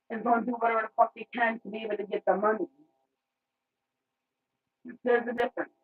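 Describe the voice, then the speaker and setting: Woman vlogger, husky and raspy, blunt and profane, sounds like a phone recording. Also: fairly high pitch, phone-quality sound. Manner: blunt, profane, repeating words for emphasis. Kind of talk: unscripted spiritual rant.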